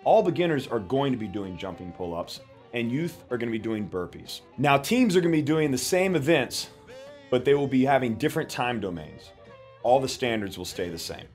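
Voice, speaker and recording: Man calmly explaining workout standards. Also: medium pitch, a little fast, soft background music. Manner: steady, instructional. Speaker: coach.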